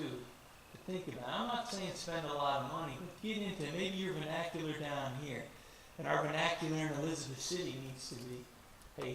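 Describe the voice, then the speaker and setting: A high-voiced man with a gravelly edge tells his story to a church in a loose, folksy way, circling back and restarting his sentences. He sounds distant from the mic, with heavy hall echo and clear background noise. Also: a bit bright. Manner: folksy, rambling, many restarts. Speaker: church member giving testimony. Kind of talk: informal testimony in church.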